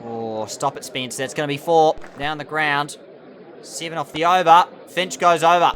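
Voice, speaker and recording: A young man giving excitable, animated play-by-play commentary over a cricket management game. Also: on the high side, normal speed, some chatter behind, a little hiss or hum. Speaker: gaming channel host.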